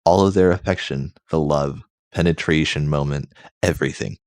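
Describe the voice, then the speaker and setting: A man hosting a mock-dramatic comedy reading, reading haltingly and stumbling over words. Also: a bass voice, a little mellow, no echo, clean studio sound. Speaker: host reading comic fiction aloud.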